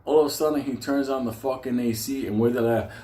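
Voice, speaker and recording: A man's voice: mid-range voice, a little fast. A man telling a comic personal story, swearing constantly and laughing often. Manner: profane, animated, laughs often. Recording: echoey room.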